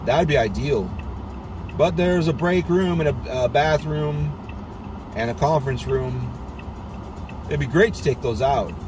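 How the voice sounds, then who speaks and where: A frustrated man rants, swearing often and going over the same complaint again and again. His voice sits high for a man. Clear traffic and car noise runs behind him from outdoors. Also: a little slow, long pauses. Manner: frustrated, profane, repetitive ranting. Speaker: warehouse worker. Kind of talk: casual venting.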